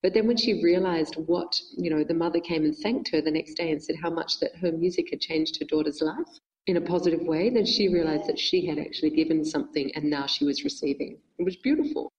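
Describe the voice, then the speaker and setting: A woman guest telling travel stories in a casual chat, animated and quick to laugh. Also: low voice, muffled recording.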